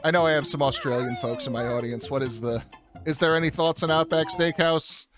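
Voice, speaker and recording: A man's voice: on the high side, brisk. A man hosting a game playthrough, chatting casually and swearing freely while he plays. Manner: animated, swears freely, rambling. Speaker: let's play host. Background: game music.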